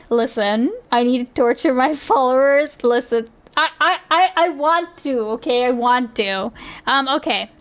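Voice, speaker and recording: A woman's voice: a little high, fairly bright tone, clear, resonant tone. A young woman streaming live, chatting casually in a giggly, rambling way with lots of restarts. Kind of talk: casual livestream chat.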